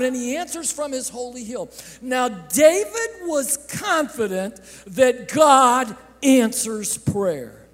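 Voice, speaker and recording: A male pastor with a very high voice preaches slowly and deliberately, letting his pitch leap and fall across a wide range. He shouts out some phrases and drops others to a near hush. The sound rings with the long reverb of a large church sanctuary. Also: big pitch swings. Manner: impassioned preaching with sudden shouts and hushed drops; slow, drawn-out delivery. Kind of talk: sermon.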